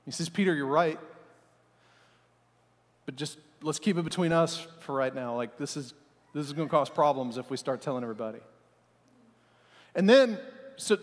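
Male pastor, high voice, storytelling sermon with casual asides, long hall reverb. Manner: animated storytelling, voices the disciples in casual speech.

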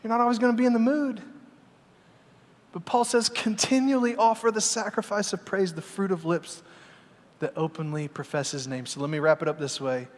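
A middle-aged man preaching a lively sermon, moving between loud exhortation and quiet asides. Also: sits high, moderate pace. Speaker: pastor. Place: large church sanctuary. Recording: hall reverb in a church.

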